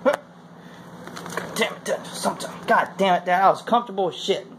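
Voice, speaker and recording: A man's voice: high voice, fairly quick, a little hiss or hum, pitched above the performer's own voice. A man voicing a bratty swearing house cat. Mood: annoyed. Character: sassy grumpy female house cat.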